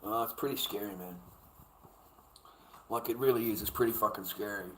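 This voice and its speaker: A man's voice: lowish voice, fairly even intonation, normal speed, reverberant, a little hiss or hum, low-quality recording. A man with an Australian accent, ranting heatedly to camera and swearing constantly as he repeats his points. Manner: profane, heated, repetitive.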